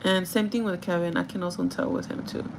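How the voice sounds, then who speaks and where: A woman's voice: fairly low pitch, steady tone, fairly quick, noisy background. A young woman livestreaming a casual get-ready-with-me chat, confiding in viewers, with lots of "like" fillers and some Spanish words mixed in. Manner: chatty, confiding, many "like" fillers.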